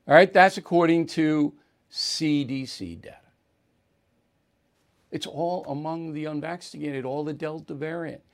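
A man's voice: a little high, unhurried, long pauses. A man hosting a political talk show, delivering an opinionated monologue in a conversational, emphatic way and checking in with the audience often. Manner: emphatic, conversational, asks "right?" and "okay?" often.

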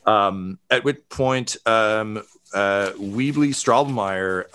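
A man's voice: lowish voice, very slow, few pauses, fairly bright tone, clean tone. A man narrating as game master, telling the story in a loose style full of fillers.

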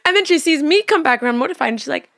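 A woman in her thirties from Canada chats as a guest, with a slightly gravelly, fry-touched voice. She tells stories with animation, acting out quotes and laughing often. The sound is close and dry. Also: sits high, lively intonation, racing, fairly bright tone, no room sound. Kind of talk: casual interview chat.

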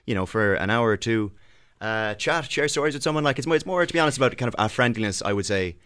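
Rapid, rambling Irish man. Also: medium pitch, expressive, a bit bright, smooth. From Ireland. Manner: rambling, halting restarts. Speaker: guest comedian. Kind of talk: casual chat. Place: radio studio.

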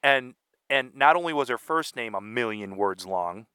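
A man's voice: mid-range voice, animated, moderate pace, pushed and bright, clean tone, dry recording, studio quality. A man co-hosting a podcast, joking around and playing confused in a rambling way. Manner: jokey, rambling, mock-confused. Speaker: podcast co-host. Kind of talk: casual chat.

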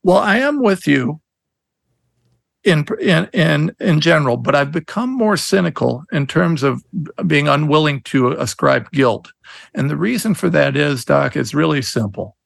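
A man's voice: on the high side, expressive, unhurried, creaky, no room sound. A middle-aged man, an attorney, telling stories in an interview, earnest and emphatic, with many restarts. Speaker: attorney, podcast guest. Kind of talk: conversational interview storytelling.

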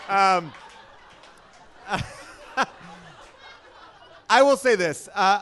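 A man's voice: sits high, fairly bright tone, slight background noise. A man on a panel laughing and joking while airing a complaint in casual chat.

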